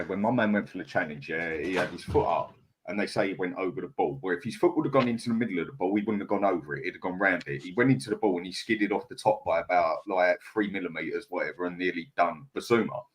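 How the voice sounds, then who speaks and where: A man's voice: sits low, fast talker, a little hiss or hum. A man, a panelist on a fan podcast, talking bluntly and laughing often. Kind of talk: casual chat.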